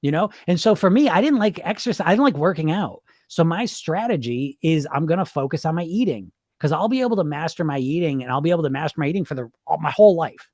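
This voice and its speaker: A middle-aged man hosting a weight-loss podcast, talking bluntly and with swearing in an animated, unscripted monologue, laughing often and repeating his words. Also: fairly high pitch, fast, few pauses, no echo, studio quality.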